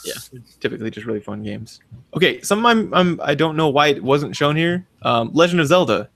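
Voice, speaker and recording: A man in his thirties co-hosting a casual podcast, animated and telling stories with acted-out quotes. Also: a little high, a little fast, vocal fry, dry recording. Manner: animated storyteller, acts out quotes in big voices. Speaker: podcast co-host. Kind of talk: casual chat.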